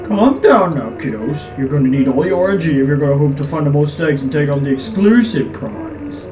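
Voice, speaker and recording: A woman's voice: low voice, big pitch swings, brisk, pitched below the performer's own voice. A woman doing a folksy old mayor. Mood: announcing. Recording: echoey distant mic with game music.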